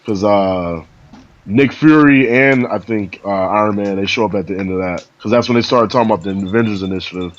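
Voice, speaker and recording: A man's voice: fairly low pitch, a little fast. A man co-hosting a casual podcast, giving emphatic, blunt opinions. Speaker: podcast co-host. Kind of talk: casual chat. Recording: slightly dull lo-fi audio.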